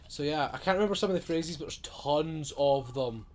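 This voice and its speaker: A young man hosting a let's play, chatting loosely as he plays, with a slightly high voice. He rambles, stumbles over his words and corrects himself mid-sentence. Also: brisk, darkish tone, slight background noise. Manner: rambling, trails off and self-corrects. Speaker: gaming channel host. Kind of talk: casual let's play chat.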